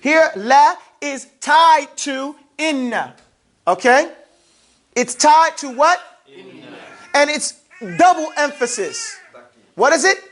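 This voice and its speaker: High-voiced teacher drilling a class. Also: lively intonation, takes it slowly, long pauses, fairly bright tone. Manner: drills students with call-and-response questions; playful, teasing. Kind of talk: classroom grammar lesson. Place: classroom with students.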